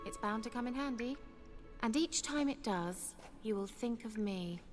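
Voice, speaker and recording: An actress voicing a self-assured sorceress who speaks in a measured, courteous way. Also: female voice, on the high side, expressive, lightly acted. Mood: composed. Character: sly sorceress woman, poised and self-assured. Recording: game audio with loud music.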